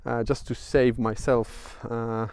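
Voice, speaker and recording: A man's voice: mid-range voice, flat delivery, slow, a little mellow, clean tone, no echo, clean studio sound. A man with a Polish accent talking through a casual vlog, hesitant, with many fillers and restarts. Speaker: vlogger. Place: outdoors at sunset.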